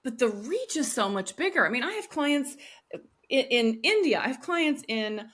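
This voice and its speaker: Woman, guest coach, lively, animated, fairly high pitch, casual interview talk. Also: moderate pace. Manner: lively, animated, acts out quoted self-talk. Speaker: video and growth coach, guest.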